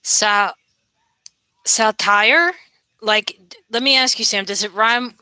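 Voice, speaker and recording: A woman's voice: fairly high pitch, slow pace, long pauses, pushed and bright, no echo. A woman with a New York accent, chatting casually on a live stream, repeating herself and asking viewers questions. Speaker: livestream host.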